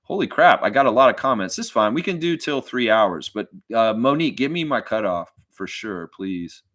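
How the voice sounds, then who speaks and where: Reading viewer comments on his sports fan livestream, a middle-aged Southern American man rambles casually with lots of fillers and breaks into profane rants. His voice sits on the low side, a bit bright and animated, at a moderate pace with no room sound.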